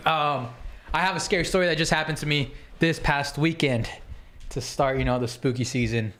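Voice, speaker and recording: Higher-voiced man telling a story. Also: a little fast, a little hiss or hum. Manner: animated, rambling with fillers and restarts. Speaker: podcast host. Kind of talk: casual storytelling.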